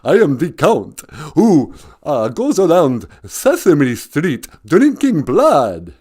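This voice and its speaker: A man voicing a pompous vampire count with a high, booming, drawn-out delivery that cackles. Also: wildly swooping pitch, darkish tone, breathy edge, full character voice. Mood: boastful.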